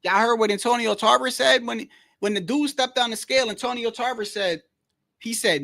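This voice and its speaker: A man hosting a casual livestream, rambling in a slangy, animated way and repeating himself as he tells stories. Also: extremely high pitch, moderate pace, gravelly, dry recording, clean studio sound. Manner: slangy, rambling, keeps saying "bro". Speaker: livestream host. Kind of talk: casual livestream boxing chat.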